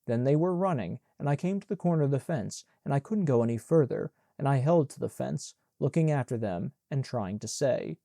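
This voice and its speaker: Male audiobook narrator, measured reading, mellow dark voice, dry close mic. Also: medium pitch, expressive, gravelly, no room sound.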